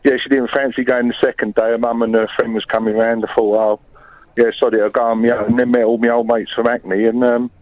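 Quick-talking male caller on a dull phone line. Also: medium pitch, level tone, no echo. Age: 40s. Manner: easygoing, matey, rambling storyteller. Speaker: radio caller. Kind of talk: casual chat on a phone-in.

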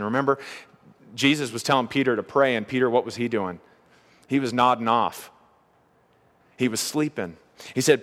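A man's voice: mid-range voice, normal speed, a bit bright. A man preaching an expository sermon as a pastor, earnest and conversational, repeating key points for emphasis. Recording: long reverb of a large hall.

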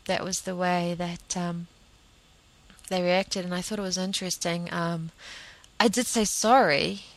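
A woman's voice: on the low side, steady tone, a little slow, poor audio. A woman, hosting a solo podcast in an earnest, emphatic, rambling way. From New Zealand. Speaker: podcast host.

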